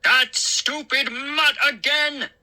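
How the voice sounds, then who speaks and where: A woman voicing a grumpy male neighbor who shouts and scolds in a storybook reading. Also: high-pitched, fairly even intonation, takes it slowly, pitched above the performer's own voice, heavily acted. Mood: furious. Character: grumpy middle-aged male neighbor, fussy gardener.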